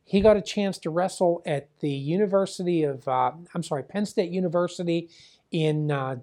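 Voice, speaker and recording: A man's voice: on the high side, normal speed, mellow. An older man from the Pittsburgh area, a former wrestling promoter, telling a long family story in an interview and constantly repeating "I says" and "he goes".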